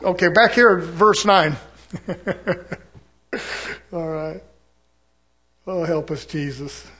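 A high-pitched man preaches to his congregation in a folksy, joking way. He drops into soft, laughing asides, then climbs into loud, fervent exhortation. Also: takes it slowly, long pauses, husky. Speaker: pastor. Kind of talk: folksy sermon.

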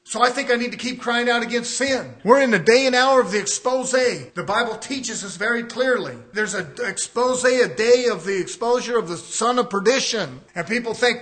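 Fervent, high-voiced male preacher. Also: moderate pace, few pauses. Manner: fervent, rising to shouts. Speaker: pastor. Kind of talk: sermon.

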